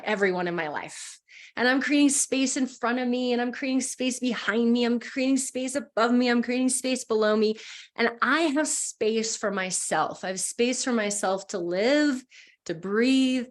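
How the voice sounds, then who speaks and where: A woman guest who teaches spiritual practice, explaining earnestly and encouragingly and voicing inner thoughts as quotes. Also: a little high. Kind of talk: explanatory conversation.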